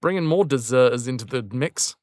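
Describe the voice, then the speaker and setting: A man streaming a game live, chatting to his viewers and cursing at the screen when it goes badly. His voice bounces around in pitch, full of life, and sounds close and dry on the mic. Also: lively intonation, brisk, a little mellow, dry recording. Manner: chatty, talks to viewers, swears when frustrated. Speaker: livestream gamer. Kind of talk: casual live-stream commentary.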